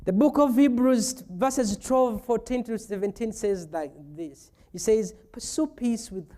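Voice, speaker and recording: A man's voice: high-pitched, measured pace, mellow. A man preaching a sermon as pastor, retelling a scripture story with playful asides.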